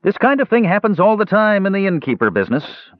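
A man voicing a chatty male innkeeper who speaks in a confiding, high and airy way. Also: big pitch swings, fast talker, no echo, lo-fi sound.

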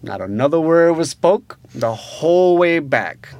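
A man from Louisiana telling a story in casual talk, animated and profane, dropping to hushed asides and then rising into loud rants. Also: on the high side, measured pace, dry recording.

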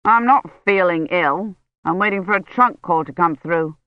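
A narrator voicing a weary, guarded older male academic who speaks in a hushed, cautious way, in an audiobook. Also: mid-range voice, moderate pace, no room sound, dull audio, lightly acted. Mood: tired.

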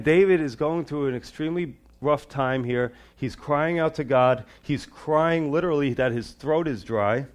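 A man preaching a sermon as a pastor. His delivery swings between raised, emphatic lines and soft, low-pitched asides.

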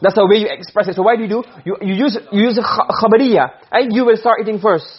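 A man's voice: high-pitched, fast, breathy edge, highs cut off. A man teaching a classroom lesson, explaining point by point and often checking whether the students follow. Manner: explains with repeated questions to students.

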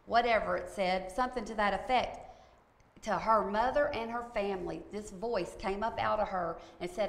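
A woman's voice: medium pitch, moderate pace, gravelly. A woman telling a story in a sermon, emphatic and often asking "okay?" to drive points home. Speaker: preacher. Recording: echoey room.

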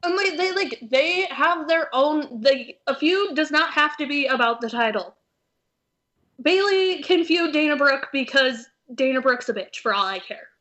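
A woman's voice: sits high, expressive, a little slow, a bit bright. A young woman co-hosting a casual chat, chatty and opinionated. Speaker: podcast co-host. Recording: dull lo-fi recording.

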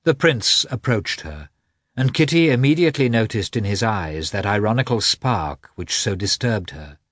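A man narrating a classic novel as an expressive audiobook reader. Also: fairly low pitch, normal speed, no echo, clean studio sound. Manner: expressive, varied reading. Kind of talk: scripted narration.

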